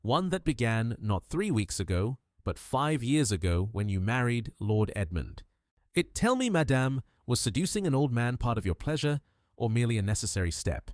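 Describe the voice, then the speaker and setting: A man's voice: mid-range voice, very animated, moderate pace, no echo, studio quality, close to an everyday voice. Hercule Poirot, voiced by a male narrator. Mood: probing. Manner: gentle but implacable, sprinkles French phrases. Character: shrewd fussy middle-aged male Belgian detective. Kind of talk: audiobook character voice.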